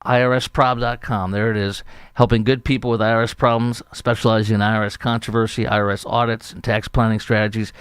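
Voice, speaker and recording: In a dry recording, a man with a fairly low, clean voice talks at a quick pace. He's a middle-aged podcast host from the Chicago area doing an opinion monologue, telling news stories in a chatty, animated style with acted-out quotes.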